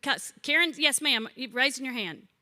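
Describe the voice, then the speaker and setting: Bright-voiced woman in her sixties teaching. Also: high-pitched, animated, moderate pace. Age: 60s. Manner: chatty, warm-humored storyteller who asks the group questions. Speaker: Bible study teacher. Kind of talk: conversational teaching with humorous stories.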